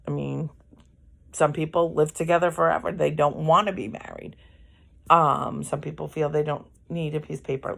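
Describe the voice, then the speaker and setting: A middle-aged woman hosts a casual personal monologue, talking candidly to viewers about relationships. Her voice is low and gravelly with a bit of brightness, and she stays conversational while acting out quoted dialogue.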